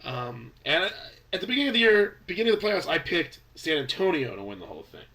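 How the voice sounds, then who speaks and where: A young man's voice sits on the high side, very animated and quick, with a pushed, bright quality and a stuffy, congested sound from a cold. He's a basketball fan vlogger giving rambling, opinionated predictions in a casual sports commentary vlog.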